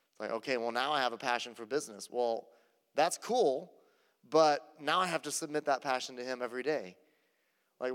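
A man's voice: medium pitch, clear, resonant tone, in a large hall. A man preaching a sermon in a conversational, storytelling way, with many casual fillers. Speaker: pastor.

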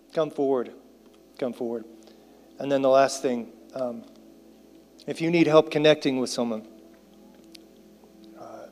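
A man preaching and making an altar call. He talks earnestly, repeats his phrases, and drops into hushed prayer. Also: medium pitch. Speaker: pastor. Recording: long hall reverb.

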